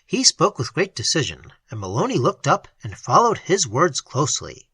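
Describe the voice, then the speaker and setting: An audiobook narrator giving an expressive reading of a story. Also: mid-range voice, moderate pace, husky, dry recording. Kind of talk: scripted narration.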